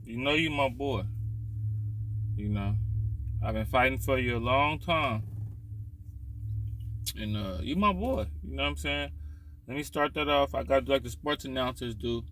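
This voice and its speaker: A man giving a casual, animated opinion rant as a reaction vlogger, speaking in with streetwise slang. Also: medium pitch, normal speed, pauses often, slight background noise, rough recording. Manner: animated, streetwise slang, frequent "you know what I'm saying".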